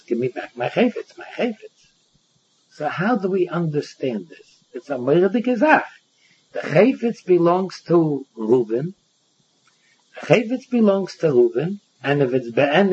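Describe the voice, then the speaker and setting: Male Talmud lecturer, high-pitched and husky, animated, plays out both parties, lo-fi sound. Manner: animated, acts out both sides of the case. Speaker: Talmud teacher. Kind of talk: Talmud lecture in Yeshivish English. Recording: dull lo-fi recording.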